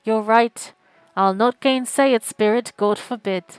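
A woman's voice: a little high, unhurried, clear, resonant tone, no echo, lightly acted. A woman voicing a miserly old man, stern yet moved, speaking in clipped, wistful exclamations. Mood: earnest.

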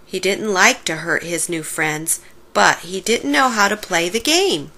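A woman reading a children's picture book aloud, slowly and expressively. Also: mid-range voice. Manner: slow, warm-paced expressive reading. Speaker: storybook reader. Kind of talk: children's story read-aloud.

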